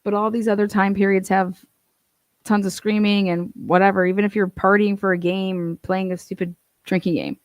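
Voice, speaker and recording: A woman's voice: medium pitch, no echo. Blunt, profane woman commenting on true crime. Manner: blunt, profane, animated storytelling. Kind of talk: casual commentary.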